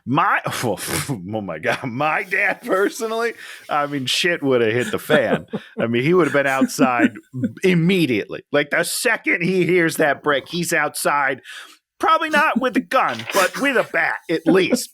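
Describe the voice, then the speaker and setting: A man's voice: a little high, a little slow, dry recording, studio quality. A man co-hosting a casual movie podcast, ranting animatedly and laughing often. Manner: animated, rants and laughs a lot. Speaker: podcast co-host. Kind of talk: casual chat.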